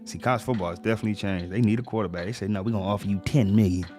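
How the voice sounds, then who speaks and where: A relaxed man hosting a casual livestream, working through one score after another and tossing in quick slangy reactions. His voice sits fairly low, and soft music plays faintly underneath. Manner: laid-back, reacts to scores with slang asides. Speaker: sports livestream host.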